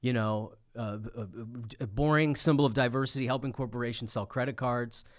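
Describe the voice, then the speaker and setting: A man's voice: medium pitch, fairly even intonation, a little fast. A man who is a comedian guesting on a studio podcast, rambling through profane rants in casual chat.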